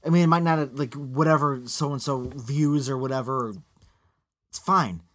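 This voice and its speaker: A man co-hosting a casual chat podcast from Chicago, talking in an animated way that jumps into quoted voices. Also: mid-range voice, moderate pace. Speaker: podcast co-host.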